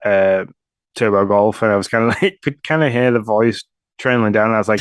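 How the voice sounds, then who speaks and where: A man's voice: on the low side, fairly quick, clean tone, no room sound. A man co-hosting a gaming podcast, chatting in an easygoing way. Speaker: podcast co-host. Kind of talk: casual gaming podcast chat.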